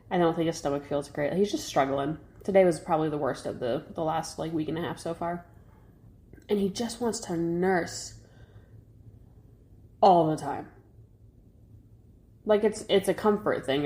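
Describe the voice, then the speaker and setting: A woman's voice: sits low, dark tone. A young woman co-hosting a podcast, talking candidly in a rambling casual chat full of fillers. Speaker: podcast co-host.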